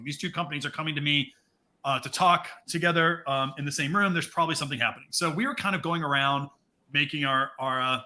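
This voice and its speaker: A man co-hosts a marketing podcast and tells a personal story in a loose, chatty way. His voice is strikingly bright and sits a little high for a man. He often circles back and restarts his sentences as he talks. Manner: conversational, with many restarts and asides. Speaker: podcast co-host. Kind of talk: casual storytelling chat.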